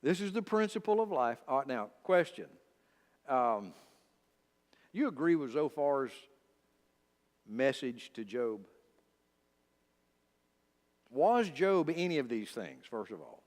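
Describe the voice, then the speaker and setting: A man, teaching a church Bible study at a middle pitch. He talks informally and straight to the room. His voice carries a long reverb from the church hall. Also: unhurried, pauses often. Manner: conversational, talks straight to the listeners, with lively asides. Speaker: pastor.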